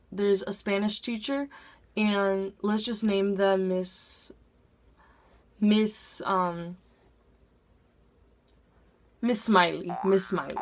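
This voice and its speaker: A teenage girl chats through a storytime at a casual, even pitch, leaning on "like" between her phrases. She sounds like she is talking straight into a camera from home. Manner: chatty, heavy use of "like". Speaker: vlogger.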